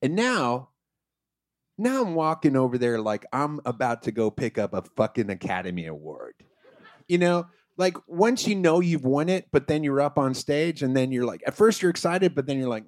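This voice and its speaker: A man telling a comic story in a loose, profane, animated way, acting out the characters. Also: medium pitch, moderate pace, dry recording, studio quality. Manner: profane, animated, acts out voices.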